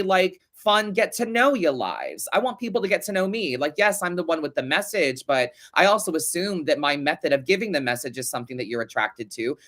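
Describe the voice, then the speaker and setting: A young man hosting a podcast, ranting in a casual monologue with lots of swearing and sarcasm. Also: a little high. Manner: animated, profane, sarcastic ranting. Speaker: podcast host and tarot reader.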